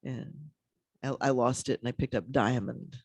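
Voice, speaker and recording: A man who is a rabbi talks in a relaxed, chatty way on a call-in radio show, laughing easily and often restarting his sentences. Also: medium pitch, a little fast, gravelly, no room sound. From American Midwest. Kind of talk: casual call-in radio chat.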